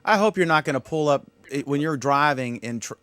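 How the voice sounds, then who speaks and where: Quick male host, dry sound, easygoing questions. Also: a little high, animated, a bit bright, clear, resonant tone, dry recording. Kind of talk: casual panel chat.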